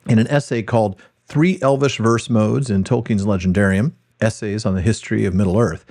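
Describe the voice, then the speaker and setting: A man hosting a podcast, explaining poetry in a measured, lecturing way and reading aloud from a book. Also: lowish voice, steady tone, a little mellow. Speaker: podcast host.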